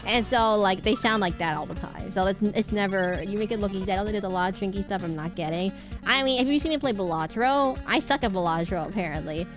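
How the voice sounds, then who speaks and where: A woman's voice: mid-range voice, fast, over music. Rambling woman streamer chatting while gaming. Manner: rambling, animated retelling with many restarts.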